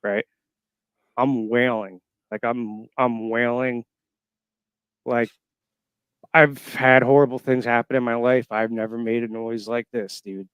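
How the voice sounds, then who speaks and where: A man in his thirties from Florida, calling in to a show and haltingly telling a personal story full of fillers. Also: mid-range voice, steady tone, fairly bright tone, smooth, dry recording. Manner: halting, emotional, many fillers. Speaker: caller. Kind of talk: casual storytelling. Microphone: call-in line.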